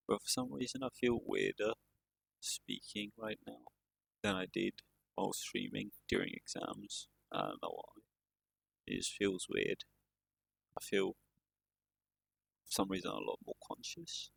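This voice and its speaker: A man's voice: lowish voice, big pitch swings, unhurried, vocal fry, long pauses, a bit bright, husky. A male streamer chatting casually on a live stream, tired and rambling in a self-deprecating way.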